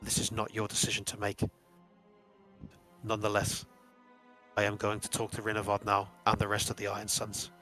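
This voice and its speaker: A man puts on a large, heavy-stepped Nordic warrior for a tabletop game. The voice sits low and flat but has a bright edge. He talks in a measured, formal, grave way. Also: soft background music. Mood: stern.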